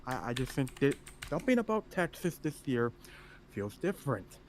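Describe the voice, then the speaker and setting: Lively man second-guessing himself. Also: mid-range voice, moderate pace, crowd noise. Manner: talks himself in and out of his pick. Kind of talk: casual chat.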